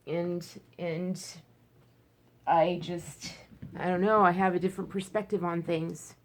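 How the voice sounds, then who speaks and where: A woman's voice: on the low side, level tone, measured pace. A woman talking frankly in a rambling personal vlog at home, full of fillers and restarts. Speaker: vlogger. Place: at home, indoors.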